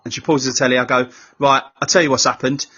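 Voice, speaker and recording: A man's voice: mid-range voice, fairly even intonation, quick pace, bright, forceful tone, husky. A man chatting as a guest, telling laddish, sweary stories. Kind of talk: casual chat. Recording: muffled lo-fi audio.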